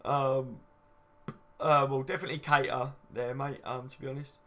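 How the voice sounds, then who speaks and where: A late-20s man runs a casual fan channel livestream, chatting in a matey manner as he reads viewer comments. He swears casually and keeps saying "you know what I mean." His medium-pitched voice has a level, sharp tone at a moderate pace.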